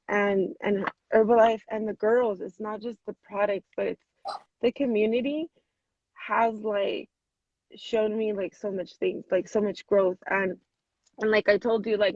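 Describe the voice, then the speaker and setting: A woman in her thirties telling a personal story on a video call, animated and full of "like", acting out what people said. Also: medium pitch, no echo. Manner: animated, many "like" fillers, acts out quotes. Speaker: guest. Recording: dull lo-fi video call audio.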